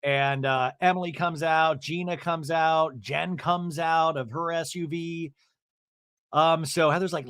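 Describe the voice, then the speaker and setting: A man's voice: on the high side, measured pace, no echo. A man hosting a podcast, recapping a reality show in a casual, comic way, acting out the cast's lines and swearing freely. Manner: animated, swears, acts out cast members' lines. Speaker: podcast host.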